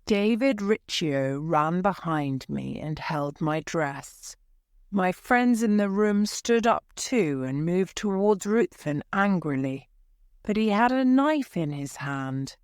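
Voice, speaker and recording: Slow low-voiced woman reading a story. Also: expressive, a little mellow, dry recording, studio quality. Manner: clear, deliberate, dramatic. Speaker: story reader.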